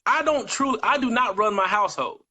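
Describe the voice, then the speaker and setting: A man's voice: high voice, animated, fairly quick, heavy background noise. A man co-hosting a live-streamed motivational chat, speaking earnestly and repeating his key phrases for emphasis. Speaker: guest co-host.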